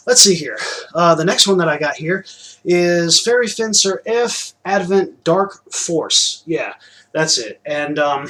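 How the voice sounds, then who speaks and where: A young man with a voice a little higher than most talks through his new game purchases. He rambles in a loose, chatty way, full of fillers, restarts and casual swearing. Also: a bit bright, rough recording. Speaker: gaming vlogger showing new purchases. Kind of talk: rambling casual vlog chat.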